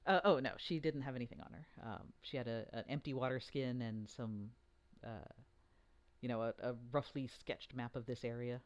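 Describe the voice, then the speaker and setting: A dungeon master narrating a tabletop game live, talking in a halting way with many fillers and restarts. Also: medium pitch, muffled recording.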